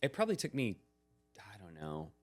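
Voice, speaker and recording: An American man in his forties, a podcast guest, tells a story in casual chat at a fairly quick pace over soft background music. He's animated, acting out quoted lines in bursts of energy with rising pitch.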